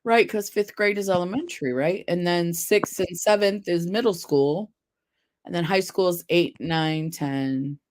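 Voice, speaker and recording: A woman's voice: fairly low pitch, measured pace, low-quality recording. A woman hosting a casual trivia livestream, reading out questions, spelling words and laughing at her own slips. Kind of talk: casual chat.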